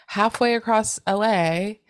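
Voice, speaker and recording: A woman co-hosting a podcast, chatting casually and telling an animated story with plenty of swearing. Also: medium pitch, a little slow, dry recording, clean studio sound. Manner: acts out others' lines in quoted voices. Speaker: podcast co-host. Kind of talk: casual chat.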